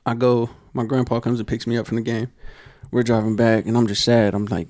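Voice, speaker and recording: A man's voice: medium pitch, little pitch movement, a little fast, darkish tone, no echo, clean studio sound. A young man, co-hosting a casual podcast and telling a heartfelt personal story full of slang and fillers. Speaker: podcast co-host.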